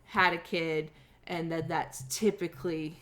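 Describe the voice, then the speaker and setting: A woman's voice: sits low, fairly even intonation, unhurried, a bit bright. A young adult woman co-hosting a casual movie podcast, thoughtful and hesitant with frequent ums. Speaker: podcast co-host. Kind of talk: casual chat.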